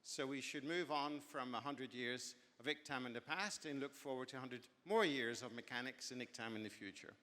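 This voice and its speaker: Man, genial after-dinner speaker, rambling and self-correcting, bright tone, long hall reverb. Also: mid-range voice, brisk, hardly any pauses. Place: banquet hall.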